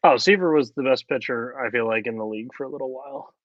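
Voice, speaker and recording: A man co-hosting a casual talk show, animated and argumentative, getting loud when he presses a point. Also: medium pitch, fast, dry recording, lo-fi sound. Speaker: podcast co-host. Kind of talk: casual chat.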